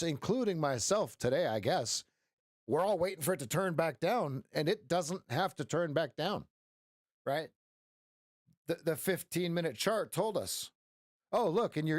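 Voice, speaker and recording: Middle-aged man, trading coach, casual stream talk, rambling, joking, slightly high voice, dry sound. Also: animated, a little slow, no room sound. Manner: rambling and joking, with frequent restarts and "right?" tags.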